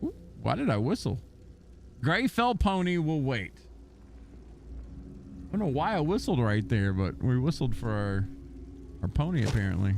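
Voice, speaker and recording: A man chatting casually on a livestream, telling stories with animation and cooing softly at his dog. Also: mid-range voice, very animated, moderate pace, gravelly, long pauses, noisy background. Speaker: gaming streamer.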